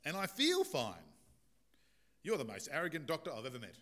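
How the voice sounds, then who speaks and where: A man's voice: fairly high pitch, huge pitch swings, fairly quick, pushed and bright, heavily acted. A man voicing a menacing, furious male patient who refuses the doctor's diagnosis. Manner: angry, defiant, raised voice.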